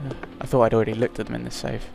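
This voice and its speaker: Casual let's player, a touch of fry, self-mocking punster, game music beneath. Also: male voice, mid-range voice, little pitch movement, very fast. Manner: rambling, self-deprecating punning. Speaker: let's play host. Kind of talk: casual gameplay commentary. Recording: game music behind commentary.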